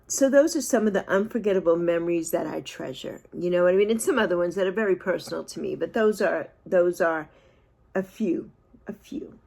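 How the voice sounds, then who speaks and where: A woman's voice: lowish voice, gravelly, a little mellow. A woman in her sixties talking casually and emotionally to her viewers, rambling and laughing at herself. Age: 60s. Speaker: vlogger. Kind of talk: unscripted talk to camera.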